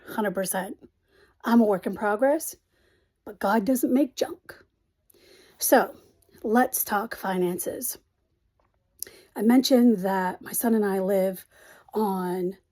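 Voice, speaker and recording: Husky, slow-talking woman vlogging. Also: mid-range voice, warm tone, no room sound. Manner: frank, self-deprecating, talks to viewers directly. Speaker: single mom vlogger. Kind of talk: casual vlog talk to camera.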